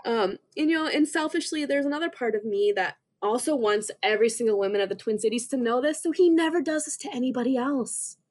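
A young woman, a podcast guest, telling an emotional personal story in an earnest, halting way with many restarts. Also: on the high side, expressive, darkish tone.

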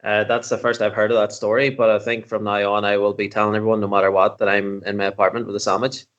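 A man, a comedian, chatting casually and telling animated, profane stories. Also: lowish voice, fast, lo-fi sound. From Northern Ireland. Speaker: comedian guest.

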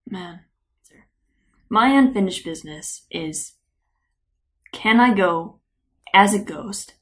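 A woman co-hosting a podcast, chatting casually with playful, rambling musings. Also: fairly low pitch. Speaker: podcast co-host. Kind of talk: casual chat.

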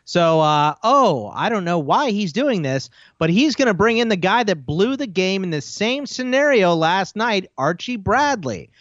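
A man's voice: high-pitched, very animated, measured pace, hardly any pauses, fairly bright tone, no echo, lo-fi sound, heavily acted. A man doing an impression of a bitter, sarcastic baseball announcer calling the end of a game. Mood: sardonic. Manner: sarcastic, grumbling, crude.

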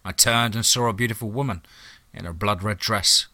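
A man tells a first-person monster-hunting tale in a wry, hard-boiled, profane way. His voice sits low and has a bright, sharp edge. The recording is dry and close. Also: moderate pace, no echo. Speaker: storyteller. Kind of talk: first-person horror story narration.

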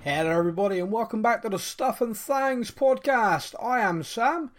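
A man's voice: high-pitched, normal speed, loud music behind the voice. Man, podcast host, casual banter, rambling, joking. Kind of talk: casual chat.

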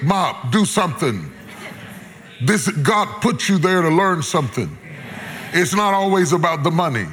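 A man preaching a sermon as a guest preacher, swinging between loud, soaring lines and hushed, low ones. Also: noisy background. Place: large church auditorium with live congregation. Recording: echoey hall with loud congregation.

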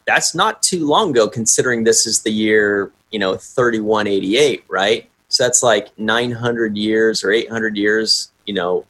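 A man's voice: fairly low pitch, measured pace, hardly any pauses, a bit bright. A man chatting casually as podcast co-host, eager and rambling like a self-described nerd. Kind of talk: casual chat.

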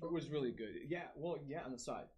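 A man's voice: a little high, expressive, quick pace. A man hosting a comedy show, swearing constantly and laughing through loose banter. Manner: swears often, laughs a lot, loud hype introductions.

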